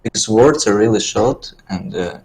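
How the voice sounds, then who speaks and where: A man with a lowish voice casts a strategy game in English, his second language. He rambles and jokes in a loose, slightly mumbled way while keys clack in the background. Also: moderate pace, darkish tone, poor audio. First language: not English. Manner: joking, rambling, mumbled delivery. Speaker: game caster. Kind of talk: casual esports commentary.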